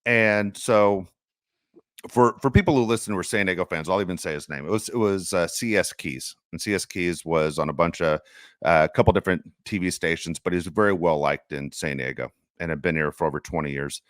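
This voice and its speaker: Man, podcast host, very deep voice, dry studio sound, earnest reflective storyteller. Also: fairly quick, fairly bright tone, dry recording. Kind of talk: casual sports podcast chat.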